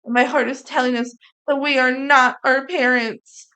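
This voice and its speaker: A woman co-hosting a podcast, chatting casually and acting out bits of dialogue as she recaps a movie. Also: high-pitched. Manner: animated, acts out character lines in quick impressions. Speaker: podcast co-host.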